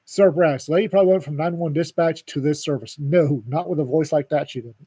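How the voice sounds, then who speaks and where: A man's voice: on the high side, fairly quick, warm tone, slightly rough, no room sound. A man co-hosting a podcast, telling a story in a dry, wisecracking way during a casual chat. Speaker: podcast co-host.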